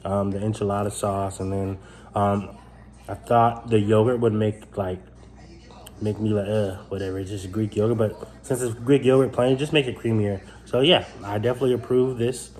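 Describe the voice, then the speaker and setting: A man's voice: lowish voice, steady tone, normal speed, darkish tone. A man chatting casually to camera in a home vlog, filmed in his kitchen, with many ums and restarts. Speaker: vlogger.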